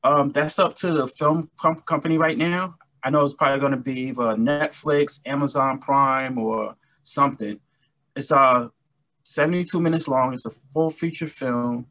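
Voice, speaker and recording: A middle-aged man from New York City, a guest musician chatting casually and telling animated stories. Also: medium pitch, moderate pace, no room sound. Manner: chatty, storytelling, animated anecdotes. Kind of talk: casual interview chat.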